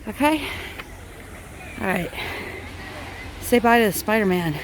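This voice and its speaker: Breathless woman vlogger, unhurried delivery, phone-filmed outdoors, faint noise behind. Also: medium pitch, expressive. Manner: chatty, talks straight to viewers. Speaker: crafting channel host. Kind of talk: casual vlog chat. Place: outdoor hillside amphitheater at high altitude. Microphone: handheld phone camera.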